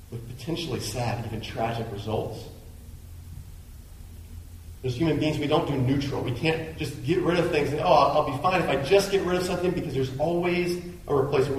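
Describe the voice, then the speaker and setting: A man preaching a sermon as pastor of a church, talking conversationally and acting out the voices in people's heads. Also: fairly high pitch. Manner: conversational, acts out inner voices. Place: church sanctuary. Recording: very echoey hall.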